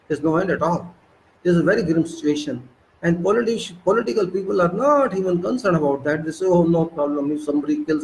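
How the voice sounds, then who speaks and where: A man's voice: on the high side, a little mellow, slight background noise, low-quality recording. A man with an Indian English accent delivering an indignant political monologue, lecturing and often restarting his words. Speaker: political commentator. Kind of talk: monologue commentary.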